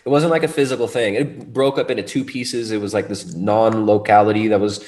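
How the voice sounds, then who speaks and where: A man in casual conversation, telling a long personal story in a rambling, animated way with many restarts. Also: fairly low pitch, a little fast.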